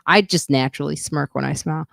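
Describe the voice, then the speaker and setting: A woman's voice: low voice, quick pace, vocal fry, fairly bright tone, no room sound, studio quality. A woman hosting her own podcast live stream, rambling through asides and emphatic comments in casual chat.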